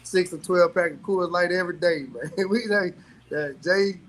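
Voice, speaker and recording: A middle-aged man tells long stories as a guest, animated and quick to laugh. His voice sits a little high for a man, and he keeps dropping in a casual "man" as he talks. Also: slight background noise, rough recording. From South Carolina, US. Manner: animated, laughs often, peppers talk with "man". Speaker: guest, former pro athlete. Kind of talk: casual storytelling.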